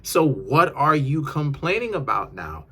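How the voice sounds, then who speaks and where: A man's voice: on the high side, measured pace, slightly rough. Ranting man reading tarot. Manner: animated, rambling, repeats words while ranting. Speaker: tarot reader. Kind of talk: casual tarot reading monologue.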